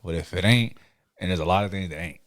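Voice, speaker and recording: A man hosting a casual podcast chat, telling animated stories with frequent laughs and casual swearing. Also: low-pitched, fast, dry recording. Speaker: podcast host.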